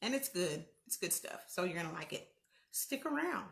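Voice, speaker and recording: A woman hosts a casual livestream, talking frankly and warmly to her viewers as "y'all". Her voice is bright and clear. The room around her is echoey. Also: lowish voice, big pitch swings, normal speed. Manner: candid, chatty, addresses viewers as y'all. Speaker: host.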